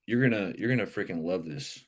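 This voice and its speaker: Low-voiced man hosting casual sports stream. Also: animated, brisk. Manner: chatty, rambling, reacts to chat comments. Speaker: livestream sports show host.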